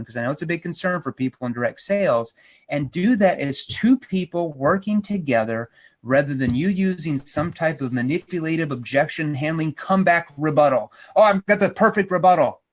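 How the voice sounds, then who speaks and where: Male sales trainer, slightly high voice, punchy and emphatic, seminar style. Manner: energetic, emphatic, acts out role-plays.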